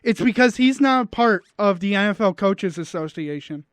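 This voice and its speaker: High-voiced, smooth radio co-host. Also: male voice, moderate pace, dry recording. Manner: explains game facts at length, relaxed. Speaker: radio sports show co-host. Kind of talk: casual sports chat. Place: radio studio.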